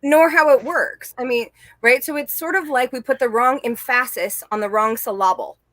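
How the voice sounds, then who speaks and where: A woman in casual panel talk, animated and acting out quotes. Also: high voice, normal speed, dry recording. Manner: animated, acts out quoted voices.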